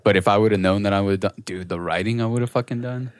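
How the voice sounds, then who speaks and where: Fast-talking low-voiced podcast host man. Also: a crowd in the background. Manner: blunt, casual, swears freely. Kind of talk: casual chat.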